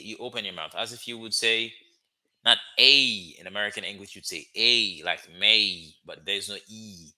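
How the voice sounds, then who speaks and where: A man with a Haitian accent teaching a livestream language lesson, drilling words with slow repetitions and frequent "okay?" checks. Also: lowish voice, pushed and bright, rough recording.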